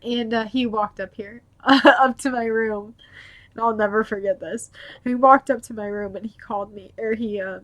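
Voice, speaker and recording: A woman's voice: on the high side, steady tone, moderate pace, fairly bright tone. A young mother sharing her faith testimony at home in a casual, rambling way, full of filler words. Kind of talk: personal testimony vlog.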